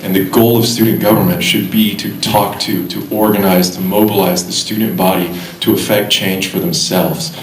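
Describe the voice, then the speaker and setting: A man's voice: deep voice, fairly even intonation, normal speed, few pauses. A young man, a student candidate, speaking firmly and with determination in a debate. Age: young adult. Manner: firm, determined. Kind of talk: debate statement. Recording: roomy hall, faint background noise.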